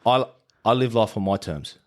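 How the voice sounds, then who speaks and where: A man's voice: on the low side, animated, moderate pace. An Australian man telling his story as a podcast guest in a casual, laid-back way and swearing freely. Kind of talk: casual chat.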